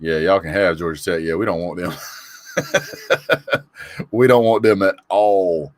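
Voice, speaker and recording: His voice is low and he takes his time. He hosts a casual live sports call-in show, reading the chat, greeting viewers by name and chatting with strong opinions.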